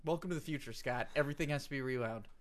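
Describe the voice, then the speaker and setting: A man's voice: mid-range voice, very fast. A man co-hosting a podcast in casual chat, wry and teasing, sometimes putting on playful voices. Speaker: podcast co-host.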